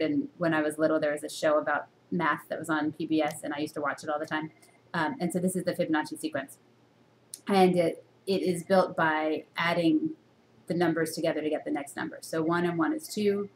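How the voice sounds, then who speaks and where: A woman teaching a university reading course in a recorded lecture to a camera, asking her students many questions and jumping up in pitch to stress her points. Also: slight background noise. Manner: teacherly, full of rhetorical questions; expressive jumps in pitch for emphasis.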